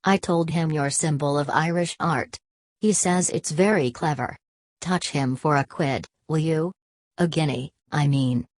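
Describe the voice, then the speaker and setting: A woman voicing a boisterous, teasing young male medical student in an audiobook, reading his lines with a low, dry voice. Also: measured pace, no echo. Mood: jovial. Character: brash mocking young Irish medical student.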